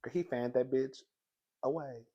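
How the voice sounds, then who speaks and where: A man's voice: mid-range voice, fairly even intonation, measured pace, warm tone, slightly rough, dull audio. A young man recapping a TV episode in a sassy, gossipy way, laughing often and calling his listeners girl and baby. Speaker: TV show reviewer. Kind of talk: animated casual recap.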